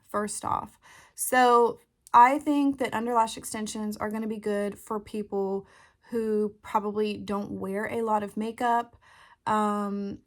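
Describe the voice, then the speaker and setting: A woman chatting casually to camera as a beauty vlogger, relaxed with frequent ums, filming indoors by a window. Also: medium pitch. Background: fan running.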